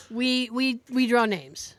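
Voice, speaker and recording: Woman podcast co-host, slightly high voice, laughs through her stories, dry close sound. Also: very slow, no echo. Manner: animated storyteller, laughs often, acts out quotes. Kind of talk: casual storytelling chat.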